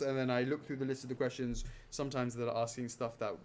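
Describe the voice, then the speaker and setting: A man's voice: medium pitch, fairly even intonation, quick pace, darkish tone, a little hiss or hum. Rambling, jokey man. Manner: rambling, jokey, laughs often. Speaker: host. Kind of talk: casual Q&A chat.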